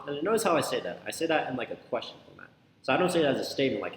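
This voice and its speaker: A man's voice: mid-range voice, very animated, fast talker. Man teaching in an echoey hall. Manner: filler-heavy, loose and conversational, repeats "like" and "right?". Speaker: sales coach. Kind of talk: casual teaching talk. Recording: echoey hall with faint ambient noise.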